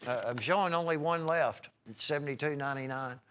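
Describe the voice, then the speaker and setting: A man with a mid-range, clean, fairly bright voice talks a little fast while hosting a live home shopping broadcast. He rambles in a folksy way, rattling off item numbers and prices for the televised pitch.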